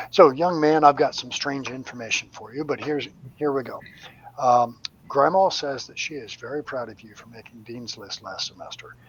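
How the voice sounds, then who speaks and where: A middle-aged medium tells stories in casual chat, swearing freely and acting out the voices of the people in them with animated energy. His voice is mid-range at a moderate pace, and the recording is rough.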